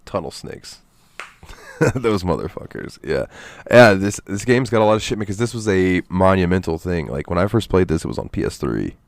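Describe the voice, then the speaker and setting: A deep-voiced man rambling through a casual gaming podcast chat, full of fillers and offhand swearing. His low voice sits dry and close, with no room sound around it. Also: very animated, normal speed, gravelly, dry recording. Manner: rambling, loose, swears freely, many fillers. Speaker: podcast co-host.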